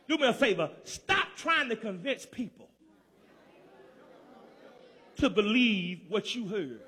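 A man from Georgia preaching a sermon, rhythmic and shouting, with call-and-response to the crowd. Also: high-pitched, sing-song, slow, pauses often. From Georgia, USA.

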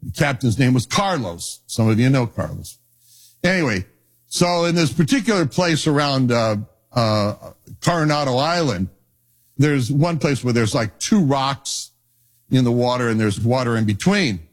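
Husky older man preaching with stories. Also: medium pitch, measured pace. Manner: storytelling, animated, folksy asides. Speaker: pastor. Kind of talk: sermon with personal stories.

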